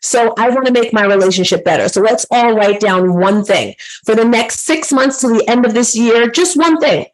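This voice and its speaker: A woman's voice: fairly high pitch, normal speed, few pauses, poor audio. Casual woman coach hosting an online class. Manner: casual and encouraging. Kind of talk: hosting a live online workshop.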